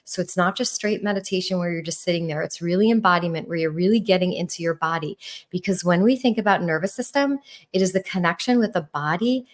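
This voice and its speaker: Middle-aged woman from new york, new york accent, warm calm voice, podcast coach, voice goes up and down. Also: lowish voice, quick pace. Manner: warm, calm, speaks with rising and falling intonation. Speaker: podcast host and relationship coach. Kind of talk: podcast talk.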